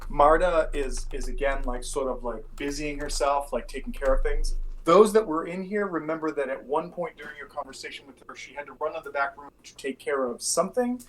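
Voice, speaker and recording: A man runs a tabletop game as its dungeon master, his voice sitting a touch high. He narrates loosely and rambles, filling the scene with lots of small fillers as he describes it. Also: a little fast, hardly any pauses, a bit bright, low-quality recording.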